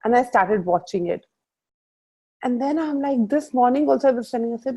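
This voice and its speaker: On a muffled video call, a woman running a casual group coaching session speaks at a normal speed in a slightly rough voice on the high side. She animates her stories by voicing her own self-talk.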